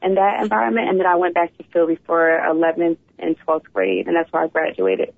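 A woman in her thirties, from Philadelphia, tells her story as an interview guest in an animated, open way. She comes through a tinny, dry phone line with no room sound. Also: lowish voice, a little fast, vocal fry, dry recording. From Philadelphia, USA. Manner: animated storytelling, often starts with "you know what". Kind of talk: casual interview.

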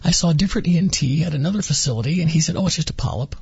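A man's voice: on the high side, animated, racing, vocal fry, a little mellow, husky, no room sound, highs cut off. A man guest on a radio interview, earnestly recounting his experience and acting out quoted dialogue. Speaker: interview guest, former patient.

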